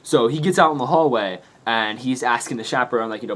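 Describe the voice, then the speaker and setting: A man's voice: mid-range voice, quick pace, a bit bright. A young man telling a story to his camera in a rambling, casual way, laughing and swearing often. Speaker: vlogger. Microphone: camera mic.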